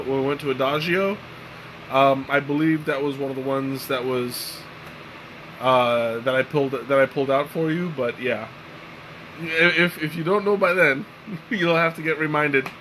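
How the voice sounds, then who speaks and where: A slow-talking man with a slightly raised pitch hosts a casual live stream, sounding worn out and mellow. He rambles and restarts his sentences often. A faint air-conditioning hum sits behind him. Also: rough recording. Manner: relaxed, rambling, with many fillers and restarts. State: tired and mellow. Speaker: tea livestream host.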